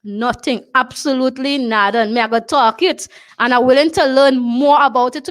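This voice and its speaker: A woman's voice: high voice, fairly even intonation, normal speed. A Trinidadian woman hosting a talk show, speaking emphatically, repeating her phrases and often asking "you understand?". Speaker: show host.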